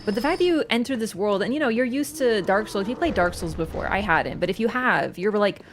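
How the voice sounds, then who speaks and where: A young woman streamer giving chatty, excitable gameplay commentary, swearing and laughing often. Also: medium pitch, fairly quick, a little hiss or hum.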